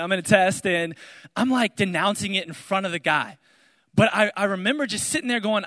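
A young man giving a spoken testimony to an audience, telling his story with lively storytelling and acting out the voices of the people in it. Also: sits high, a little fast. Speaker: speaker sharing his testimony. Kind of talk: testimony talk to a crowd. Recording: large hall reverb.

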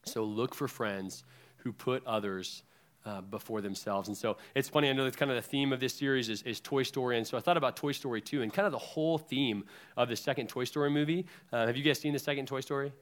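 A man's voice: mid-range voice, fast. A young man giving a casual sermon to a youth group, chatty and full of ums, retelling scripture in everyday words. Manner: conversational, frequent ums, lively retellings of scripture.

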